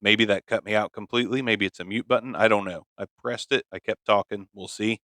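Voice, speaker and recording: In a home studio, a gear reviewer demonstrates an audio device, thinking aloud casually and hesitantly into an XLR microphone on a boom arm. His voice is lowish and fairly even in intonation, a little fast, with a sharp tone and no room sound.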